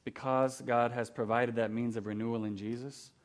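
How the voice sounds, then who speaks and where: A man's voice: medium pitch, little pitch movement, normal speed. Conversational male pastor preaching. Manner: conversational, asks rhetorical questions. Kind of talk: sermon.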